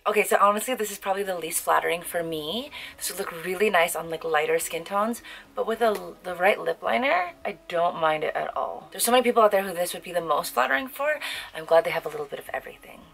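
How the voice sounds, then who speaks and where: A woman's voice: lowish voice, fast, gravelly, fairly bright tone, poor audio. Bubbly woman gushing over makeup. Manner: bubbly and gushing, heavy use of "like". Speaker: beauty vlogger. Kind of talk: casual makeup review. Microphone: on-camera mic.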